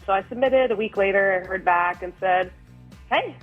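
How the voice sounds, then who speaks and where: A woman's voice: medium pitch, a little fast, phone-quality sound, faint music behind. A woman chatting as a guest on a radio show by phone, telling stories and laughing easily. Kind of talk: casual phone interview. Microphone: phone line.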